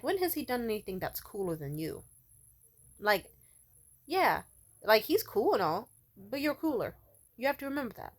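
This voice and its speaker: A young woman in a casual, profane monologue, candid and laughing often, acting out quoted lines. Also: medium pitch. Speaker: vlogger.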